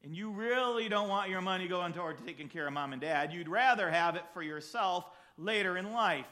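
A man preaching a sermon, reading scripture and then explaining it in an animated, conversational way. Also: sits high, a little fast. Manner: animated, acts out voices in the story. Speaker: pastor.

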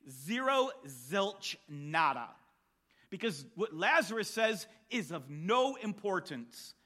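A man preaching a sermon, telling a Bible story with animated storytelling and acting out the voices of the people in it. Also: sits high, takes it slowly.

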